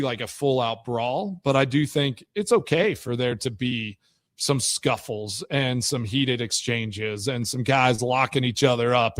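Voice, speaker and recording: A man's voice: mid-range voice, no room sound. Sports radio co-host, man, loose rambling talk full of "like", dry close mic. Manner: rambling, restarts often, hedges with "like". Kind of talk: casual sports radio chat.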